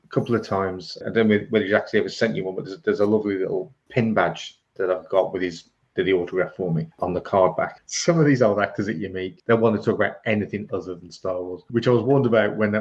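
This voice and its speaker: A man's voice: low-pitched, fairly even intonation, quick pace, hardly any pauses. A man co-hosting a podcast, chatting casually like a storyteller and laughing easily. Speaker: podcast co-host. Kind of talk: casual chat. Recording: dull lo-fi sound.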